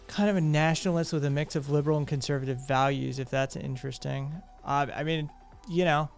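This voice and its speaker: A man's voice: on the high side, steady tone, a little fast, creaky, smooth, soft background music. A man hosting a live stream, chatting casually, reading viewer comments aloud, blunt and profane with sarcastic laughs.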